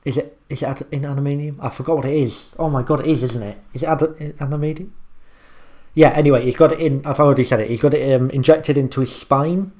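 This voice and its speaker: A man's voice: mid-range voice, fairly even intonation, fast talker, a little mellow. Rambling young man reacting. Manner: rambling, explains lines, swears casually. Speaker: reaction video host. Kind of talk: casual reaction commentary.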